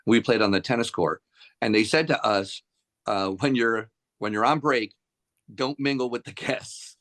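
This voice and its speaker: A middle-aged man tells stories in a casual interview. He jumps into the voices of the people he quotes, with his pitch swinging high for each one. His own voice sits at an ordinary pitch for a man. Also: moderate pace. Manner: animated anecdotes, acts out quoted voices. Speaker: interview guest, musician. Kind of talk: casual storytelling.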